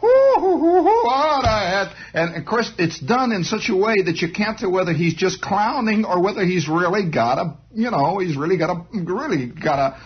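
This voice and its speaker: A middle-aged man hosting a late-night radio show, telling long rambling stories with lots of animated asides. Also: high voice, moderate pace, few pauses, breathy edge. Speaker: radio host. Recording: muffled 1960s radio broadcast.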